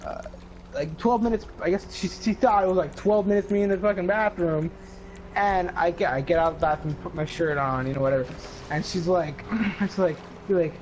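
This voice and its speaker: A man's voice: high-pitched, a little fast, darkish tone, a little hiss or hum, poor audio. Rambling, foul-mouthed teenage boy. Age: teens. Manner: rambling, profane, quotes others in raised voices. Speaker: storyteller. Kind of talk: casual chat.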